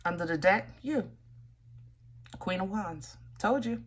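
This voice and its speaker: A woman's voice: medium pitch, expressive, takes it slowly. A woman giving a casual tarot reading, talking straight to her viewers in a chatty way, often stopping and restarting. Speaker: tarot reader.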